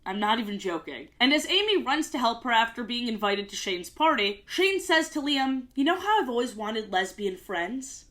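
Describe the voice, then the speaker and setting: A woman's voice: a little high, sing-song, normal speed, few pauses, a bit bright. A young woman giving sarcastic, playful pop culture commentary as a video essayist, swearing casually.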